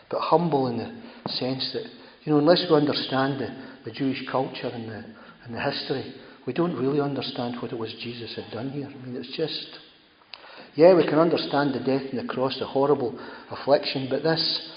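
A man preaching a sermon in a conversational, emphatic way, often repeating phrases as he goes. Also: medium pitch. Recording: echoey hall, dull sound.

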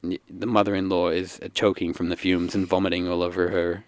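Brief: male game master, deadpan and brisk, smooth and resonant. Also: low-pitched, no echo. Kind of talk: improvised tabletop game narration. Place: studio.

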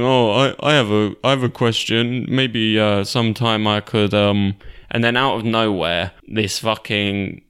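This is a young man hosting a podcast in casual, rambling talk, with blunt opinions and plenty of swearing. His voice is low and smooth. He wanders through his points with fillers and restarts. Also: fairly bright tone. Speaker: podcast host. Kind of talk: casual recap of a sitcom episode.

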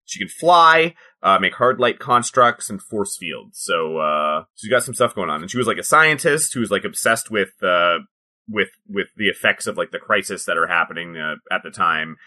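Lively, bright-voiced man rambling through explanations. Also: low voice, normal speed. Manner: rambling explanations full of fillers, frequent laughter. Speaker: podcast co-host. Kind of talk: casual comedic chat.

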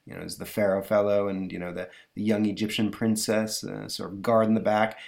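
Man, low voice, hesitant, lots of fillers, comic podcast host. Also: little pitch movement, a little fast, vocal fry. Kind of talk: comic book review chat.

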